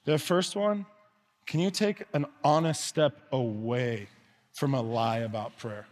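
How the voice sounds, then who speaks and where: A man's voice: medium pitch, steady tone, a little slow. Earnest preaching man in a reverberant hall. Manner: earnest preaching, swings between soft and loud. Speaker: pastor. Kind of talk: sermon. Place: church sanctuary. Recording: long reverb of a large hall.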